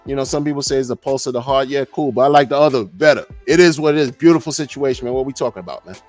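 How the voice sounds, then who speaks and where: A man's voice: mid-range voice, rapid-fire, darkish tone, no room sound, soft background music. A middle-aged man hosting a live podcast, rambling loosely and filling his talk with "man" and "you know". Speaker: podcast host. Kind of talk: casual live-stream rambling.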